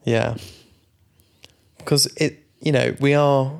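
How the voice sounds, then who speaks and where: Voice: mid-range voice, steady tone, slow pace, creaky, smooth. A parent co-hosting a casual chat, laid-back and agreeable. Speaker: podcast co-host, parent.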